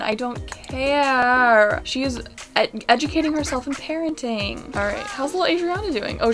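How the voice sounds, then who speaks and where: A young woman giving casual commentary on a life-sim game, excitable and anxious, talking to the characters on screen. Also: on the high side. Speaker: gaming YouTuber.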